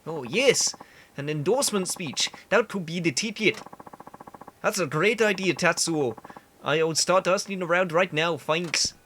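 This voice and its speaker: A man's voice: fairly high pitch, unhurried, a bit bright, a little hiss or hum, pitched above the performer's own voice. A man voicing an earnest middle-aged ramen-shop owner turned political candidate, in a put-on Canadian accent. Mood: excited. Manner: sincere, faltering, easily discouraged.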